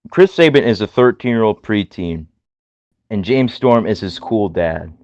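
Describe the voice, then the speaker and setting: A man's voice: lowish voice, animated, darkish tone, no room sound, muffled recording. Teasing young man, dry close sound. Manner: teasing, joking, quick banter. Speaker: podcast co-host. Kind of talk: casual chat.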